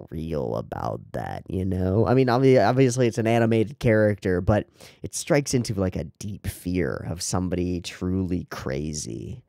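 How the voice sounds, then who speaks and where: A man with a somewhat low voice talks through an anime scene in casual commentary. He rambles enthusiastically, tossing in "like" and "right?" constantly. The sound is dry and close, with no room echo. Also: vocal fry, a little mellow. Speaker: anime reaction host.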